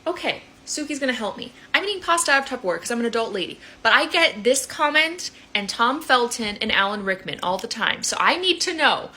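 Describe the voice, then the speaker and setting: A woman's voice: on the high side, sing-song, pushed and bright. A young woman giving playful, casual reaction commentary as a video creator. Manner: chatty and playful, quick asides.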